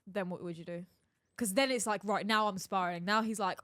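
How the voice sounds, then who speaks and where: A woman's voice: medium pitch, fairly even intonation, fairly quick, a bit bright, dry recording, studio quality. A young woman co-hosting a podcast, chatty and emphatic as she tells stories and gives advice. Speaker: podcast co-host. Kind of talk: casual chat.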